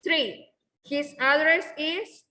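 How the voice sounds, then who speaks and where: A woman teaching an English class who explains slowly and keeps repeating okay and very good. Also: high voice, pushed and bright, rough recording.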